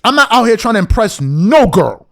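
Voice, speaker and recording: A man's voice: high-pitched, big pitch swings, moderate pace, a bit bright. A man hosting a podcast, venting in a heated, repetitive, emphatic rant straight to the audience. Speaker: podcast host.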